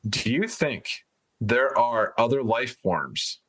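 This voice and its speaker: A man rambles loosely through podcast chat as a co-host, hedging his points along the way. His voice sits at an ordinary middle pitch. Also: very animated, slow, fairly bright tone. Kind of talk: casual chat.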